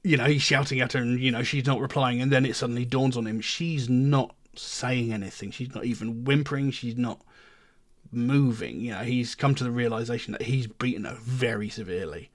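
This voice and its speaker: A middle-aged man hosts a music reaction, speaking briskly at a medium pitch. His casual commentary rambles along, propped up by plenty of "you know" fillers.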